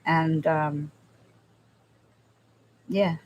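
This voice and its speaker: A woman hosting a casual livestream, answering viewers' comments in a halting, emotional way with frequent restarts. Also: low voice, fairly even intonation, a little mellow, muffled recording, slight background noise. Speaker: livestream host.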